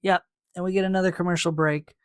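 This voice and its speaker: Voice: medium pitch, flat delivery, quick pace, clean tone, no room sound, clean studio sound. A podcast co-host in casual recap chat, laying out fan theories in an analytical, hedging way.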